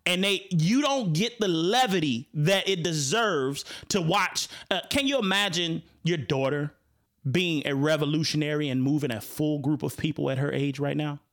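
A man's voice: on the high side, normal speed, fairly bright tone. A man with a Chicago accent hosting a casual talk show, speaking animatedly with frequent repeated words and restarts. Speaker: host.

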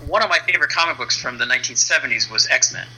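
A man in his fifties, a comic book letterer appearing as an interview guest, tells an anecdote casually and lively, acting out the quoted dialogue. His mid-range voice moves fast with a breathy edge, and the recording is rough.

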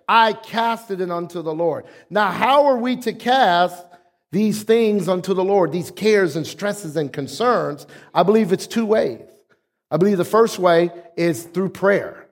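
A man's voice: sits high, moderate pace, faint music behind. A male pastor preaching a sermon, emphatic and rhythmic, calling on the congregation to repeat after him. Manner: emphatic preaching with call-and-response. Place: church sanctuary. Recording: echoey hall.

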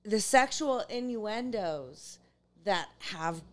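A woman's voice: medium pitch, expressive, slow pace. A woman co-hosting a casual podcast, joking crudely and swearing freely. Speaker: podcast co-host. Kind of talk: casual chat.

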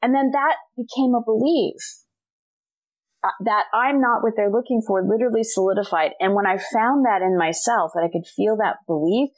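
A woman's voice: on the high side, moderate pace. A middle-aged woman, a guest author, telling a personal story in a casual interview and acting out the dialogue. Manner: animated storyteller, acts out quoted dialogue.

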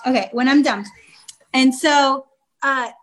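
A woman telling a story in casual chat, animated, acting out her own shouts. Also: sits high, takes it slowly. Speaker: guest author.

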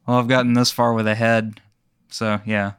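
A man's voice: mid-range voice, level tone, moderate pace, a bit bright, clean tone, no room sound. A man playing along in a comic tabletop game, dry and matter-of-fact. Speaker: guest player. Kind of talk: casual comic role-play.

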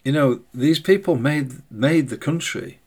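A man hosting a podcast, speaking a slow, thoughtful spoken meditation with hesitant phrasing. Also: medium pitch, a little mellow, husky. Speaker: podcast host. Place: indoors by a window in the rain.

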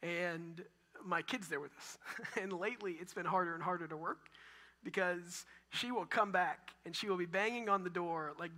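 Male pastor, Texan, lively sermon delivery, bright ringing tone. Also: high voice, a little fast. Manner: animated, shifts from loud emphasis to near-whisper.

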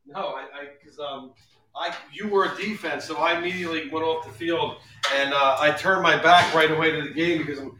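A man with a slightly high voice co-hosts a casual podcast. He talks in a laid-back, rambling way. He sounds earnest when he explains his ideas. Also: steady tone, a little fast, sharp tone, a little hiss or hum, poor audio. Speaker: podcast co-host and youth coach.

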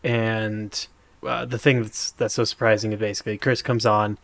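A man co-hosting a podcast, retelling a game moment in a rambling, animated way with many fillers. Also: on the low side, normal speed, creaky. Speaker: podcast co-host. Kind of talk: casual chat.

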